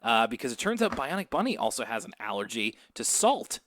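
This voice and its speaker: A man's voice: mid-range voice, sing-song, fairly quick, a bit bright, no echo, studio quality. A man co-hosting a podcast, recapping a cartoon in rambling, chatty talk and laughing easily. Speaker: podcast co-host. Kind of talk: casual chat recapping a cartoon.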